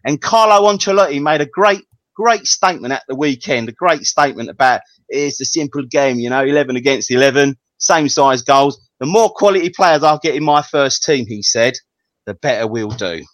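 A man co-hosting a fan podcast, brisk and matter-of-fact. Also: fairly high pitch, a bit bright, dry recording. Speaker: podcast co-host. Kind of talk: casual podcast chat.

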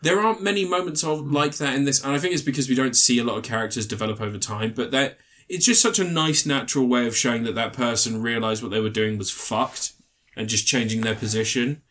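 On a podcast, a male co-host gives a loose, wandering film review full of swearing and mocking impressions of the characters. His mid-range voice is a bit bright, and he moves at a quick pace with hardly any pauses.

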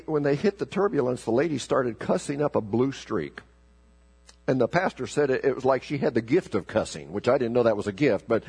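Gravelly-voiced preacher telling a story. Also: male voice, fairly high pitch. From South America. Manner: storytelling with emphatic rises and slow, dropped-voice scripture lines. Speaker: pastor. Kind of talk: sermon.

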